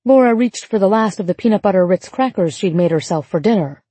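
A woman narrating a story in a calm, measured way. Her voice is warm and mellow with a slight husk. The sound is dry and close to the mic. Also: mid-range voice, breathy edge, dry recording. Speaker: audiobook narrator. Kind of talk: scripted narration.

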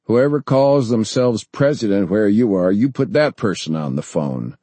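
A defiant general, as a male narrator plays him barks short, blunt orders. The voice is dark and husky, recorded close and dry. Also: on the low side, lively intonation, normal speed, no echo, voice pushed up. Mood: commanding. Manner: blunt, curt, commanding.

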